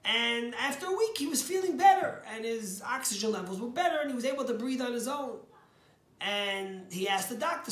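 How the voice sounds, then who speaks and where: A man's voice: very high-pitched, lively intonation, a little fast, fairly bright tone, reverberant. A man giving a short inspirational sermon as a rabbi, telling stories earnestly and stressing key words.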